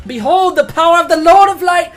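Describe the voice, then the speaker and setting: A woman's voice: extremely high pitch, a little fast, faint music behind. A woman voicing a devout priestess who proclaims blessings in a solemn, declaiming way.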